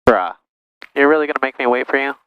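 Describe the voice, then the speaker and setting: A man's voice: mid-range voice, expressive, fast, narrow, tinny audio, a little hiss or hum. A man who is a pilot, chatting and joking casually in a small plane's cockpit over a headset.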